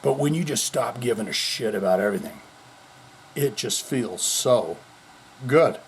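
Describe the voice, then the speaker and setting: With a mid-range, animated voice at a measured pace, the host of a heavy metal news podcast records from home over a slight hiss or hum. He rambles, cracks jokes and swears a lot, getting suddenly louder or quieter, as people move things around behind him.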